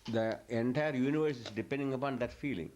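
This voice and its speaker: A middle-aged spiritual teacher answering questions from a group, speaking slowly and haltingly. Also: male voice, medium pitch, a little mellow, lo-fi sound, a little hiss or hum.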